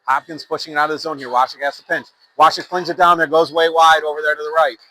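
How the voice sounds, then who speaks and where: Here the youth hockey play-by-play man talks fast, his slightly high voice pushed and bright with a steady tone. It's casual, rambling commentary full of fillers, self-corrections and sponsor plugs he reads between plays, and the audio is poor.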